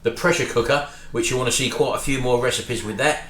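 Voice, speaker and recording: A man's voice: mid-range voice, quick pace, a bit bright. A middle-aged man, chatting casually to his viewers at home and calling them folks. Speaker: vlog host. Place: at home, house and garden.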